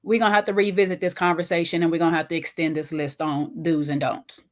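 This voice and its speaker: A woman hosting a casual reality-show recap, ranting and animated, with slang-filled conversational talk. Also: low-pitched, fast. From not Jamaican, Belizean family ties.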